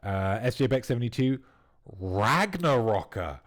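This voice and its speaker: A man's voice: lowish voice, animated, slow pace. A man hosting a quiz livestream, riffing playfully and at length on viewers' answers. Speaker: quiz host.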